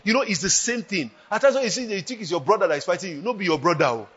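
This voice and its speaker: A man with a Nigerian accent preaching a sermon as pastor, swinging between hushed lines and shouted ones. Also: high voice, expressive, racing, husky, muffled recording.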